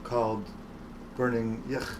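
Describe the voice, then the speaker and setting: Deadpan joking man, noisy background. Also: medium pitch, slow pace. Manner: deadpan, absurd jokes. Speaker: interviewee, filmmaker. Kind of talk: joking interview banter.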